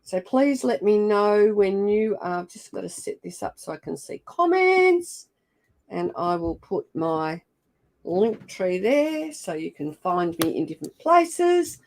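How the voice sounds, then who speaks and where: A woman's voice: medium pitch, sing-song, a little slow, a little mellow. An older woman with an Australian accent, hosting a casual livestream and greeting viewers by name in an effusive, chatty way. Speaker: livestream host. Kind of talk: casual live-stream chat.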